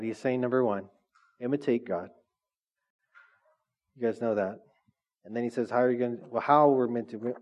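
A man preaching a conversational sermon, animated and chatty, often laughing and asking the congregation questions. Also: mid-range voice, muffled recording. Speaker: pastor.

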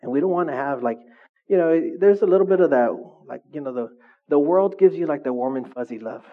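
A man preaching to his congregation in a casual, animated way, often asking the room questions. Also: on the high side, a little fast, narrow, tinny audio. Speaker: pastor. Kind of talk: sermon.

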